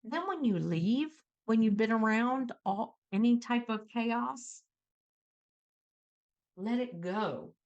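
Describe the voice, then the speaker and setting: A middle-aged woman hosting a self-help talk show, coaching viewers in an animated way and acting out calm self-talk. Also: fairly high pitch, slow pace, muffled recording. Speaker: host.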